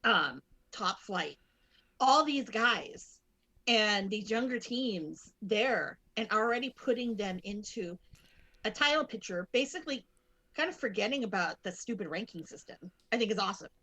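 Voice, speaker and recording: A woman chatting casually on a wrestling podcast as a guest co-host, rambling with lots of fillers and restarts, now and then breaking into loud excited shouts. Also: medium pitch, moderate pace.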